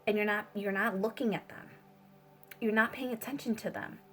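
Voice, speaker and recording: A woman's voice: mid-range voice, steady tone, normal speed, fairly bright tone, soft background music. A woman giving a casual spiritual tarot reading, rambling with many fillers and swearing freely. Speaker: tarot reader.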